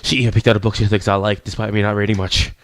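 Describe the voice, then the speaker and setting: A man hosting a game channel, reading through a visual novel in a casual, jokey way, with a hoarse voice. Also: on the low side, little pitch movement, racing, no echo. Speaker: gaming channel host. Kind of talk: visual novel let's play narration.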